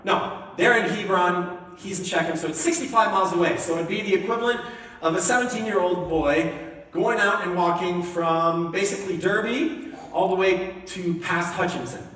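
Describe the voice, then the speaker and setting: Guy preaching in a big echoey church, kinda high voice, jokey and animated, mic sounds far off. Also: normal speed. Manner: animated and jokey, acting out voices, laughs often. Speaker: pastor. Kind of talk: lively conversational sermon. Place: church sanctuary. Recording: echoey hall, distant mic.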